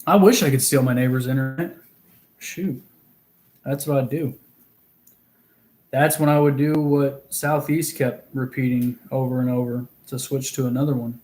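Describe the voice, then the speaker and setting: A man's voice: medium pitch, fairly even intonation, moderate pace, pauses often, darkish tone. A man from Oklahoma hosting a casual fishing livestream, chatting, giggling and reading viewers' comments aloud. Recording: roomy echo.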